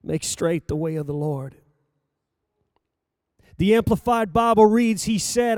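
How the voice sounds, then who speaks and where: A man preaching a sermon, reading scripture aloud in a slow, measured delivery that rises for emphasis and drops low at the ends of phrases. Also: animated, darkish tone, no echo, clean studio sound.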